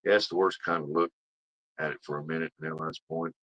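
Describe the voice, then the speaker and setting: This middle-aged man's voice is extremely low, steady, and sharp, and he talks fast over a rough recording. He's a livestream host in casual chat with viewers, spinning rambling, folksy fishing tales.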